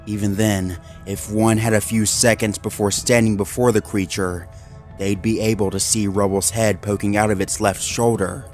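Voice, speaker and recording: A man reading a horror story aloud in a measured, dramatic voice-over. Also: on the low side, little pitch movement, a little mellow. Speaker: narrator. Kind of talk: scripted horror story narration. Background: faint background music.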